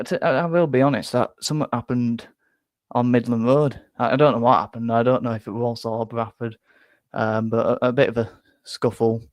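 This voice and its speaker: A man's voice: medium pitch, darkish tone, no echo. A young man chatting casually on a fan live stream, rambling and restarting words as he reads out viewer comments. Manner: rambling, self-interrupting, repeats words. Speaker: fan channel host.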